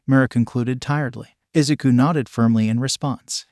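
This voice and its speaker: A man narrating a fan fiction story in an even, plain storytelling manner. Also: medium pitch, moderate pace, hardly any pauses, no echo, studio quality.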